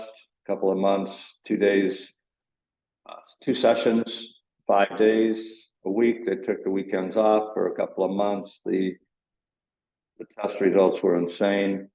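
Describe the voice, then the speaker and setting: A man hosting his own channel in a casual, rambling vlog talk, still in his morning voice and clearing his throat. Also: sits low. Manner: rambling, loosely explaining. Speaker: channel host. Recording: roomy, dull lo-fi sound.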